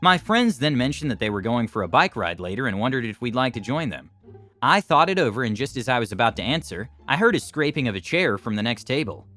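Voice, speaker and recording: A man narrating online stories in a scripted, animated and expressive way, adding his own comments. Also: medium pitch, quick pace. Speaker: story narrator.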